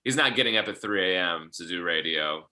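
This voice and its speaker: A man's voice: low-pitched, animated, a little fast, pushed and bright. A man hosting a podcast, chatting casually and hesitantly, with frequent restarts. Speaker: podcast host.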